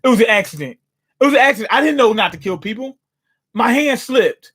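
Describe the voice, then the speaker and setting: A man's voice: extremely high pitch, lively intonation, fairly quick, fairly bright tone, husky, voice pushed up, exaggerated voice. A man voicing a terrified male orc boss who begs for mercy and makes excuses. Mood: pleading. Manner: pleading, making excuses.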